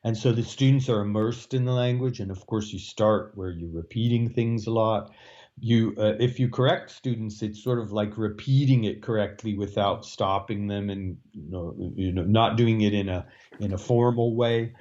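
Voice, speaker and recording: Man, professor, explanatory interview voice, low-pitched, dull lo-fi recording. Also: fairly even intonation, normal speed, a little mellow. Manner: explanatory, with frequent fillers and restarts. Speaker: Russian language professor. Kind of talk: interview answers.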